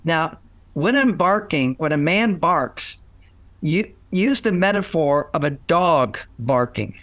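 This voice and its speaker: An older man giving relationship advice in a lively storytelling way, acting out what people said and laughing often. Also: fairly high pitch, takes it slowly, no echo. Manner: animated, acts out quoted voices, laughs often. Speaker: relationship author and guest.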